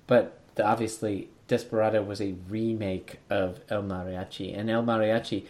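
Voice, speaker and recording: A man hosting a casual podcast chat, animated and joking. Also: lowish voice. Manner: animated, joking, quick to laugh. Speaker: podcast host.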